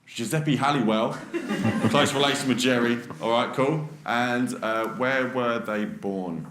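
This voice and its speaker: A man's voice: mid-range voice, a bit bright, echoey room, slight background noise. A man performing an improvised freestyle rap story before a live audience, taking suggestions and rhyming in a rhythmic flow. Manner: rhythmic, rhyming delivery with quick laughs. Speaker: freestyle rapper.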